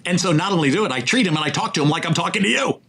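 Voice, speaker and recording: A man, a sports executive recruiter and podcast guest, talking in a preachy, animated way about faith and asking rhetorical questions. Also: sits high, very fast, creaky, husky. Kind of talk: faith-centered motivational conversation.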